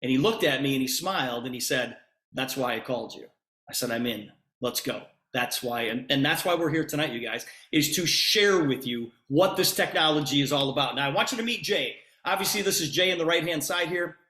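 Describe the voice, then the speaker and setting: A man presenting on a video call, telling an animated story and acting out both sides of a conversation as a sales pitch. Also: fairly quick, hardly any pauses, roomy sound. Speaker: presenter on a business opportunity call.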